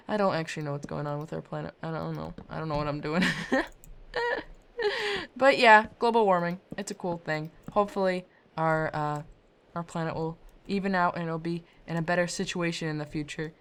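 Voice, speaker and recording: A woman giving casual, rambling commentary over her game footage, self-deprecating and quick to get loud and excited. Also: lowish voice, clear, resonant tone. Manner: rambling, self-deprecating, often says "I don't know"; gets loud and excited when ranting. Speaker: Minecraft let's-player.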